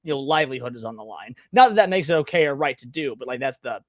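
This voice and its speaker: A man hosting a casual podcast chat, rambling and emphatic, getting loud when worked up. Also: mid-range voice, animated, fast talker, no room sound, studio quality.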